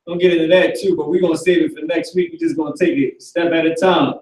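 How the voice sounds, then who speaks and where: A man's voice: on the high side, fairly even intonation, fast talker, darkish tone, echoey room, far from the mic, rough recording. A man teaching a casual live language class, loose and slangy, with some swearing.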